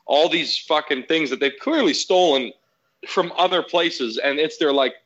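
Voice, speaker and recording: A man's voice: on the high side, animated, moderate pace, a bit bright, lo-fi sound. A man in casual podcast chat, telling a story as a heated, profane rant.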